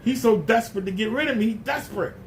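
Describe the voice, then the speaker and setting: In this clip a man rants indignantly to the camera on his YouTube channel, piling up rhetorical questions. He talks fast in a high-pitched voice, with slight background noise.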